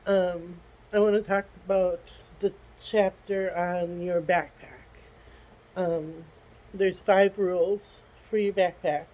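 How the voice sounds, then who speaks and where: A tearful middle-aged woman talking haltingly through a personal video diary, with many pauses and restarts. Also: fairly low pitch, fairly even intonation, a little mellow, lo-fi sound. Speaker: vlogger.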